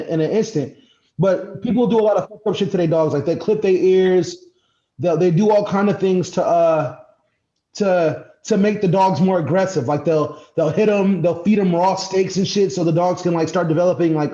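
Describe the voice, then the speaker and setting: A man's voice: high voice, dark tone. A man in casual conversation, swearing freely as he thinks aloud. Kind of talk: casual chat. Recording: dull roomy sound.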